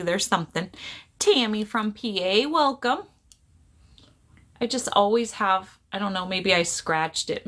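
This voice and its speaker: A woman's voice: medium pitch, a bit bright. A middle-aged woman talks into her phone on a casual live stream, greeting viewers one by one and rambling about small things. Her delivery is loose, chatty and playfully silly.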